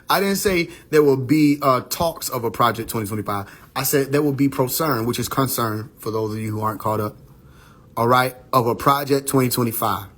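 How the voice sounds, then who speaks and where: Male livestream host, rambling and profane, mid pitch. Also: a bit bright. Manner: loose, rambling, profane, with quick asides and laughs. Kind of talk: casual livestream talk.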